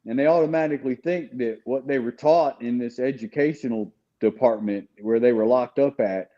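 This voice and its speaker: A man tells a story in a relaxed podcast chat, with a warm, mellow tone. He restarts his sentences a lot and fills pauses with "you know." The recording sounds muffled and lo-fi. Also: mid-range voice. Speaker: podcast guest.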